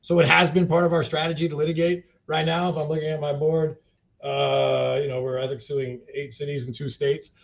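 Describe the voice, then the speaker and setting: Gravelly guy rambling and cursing, lots of "you know", muffled podcast sound. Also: on the high side, level tone, brisk. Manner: blunt, profane, rambling with many fillers. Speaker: cannabis company CEO, interview guest. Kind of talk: casual interview talk. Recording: dull lo-fi podcast audio.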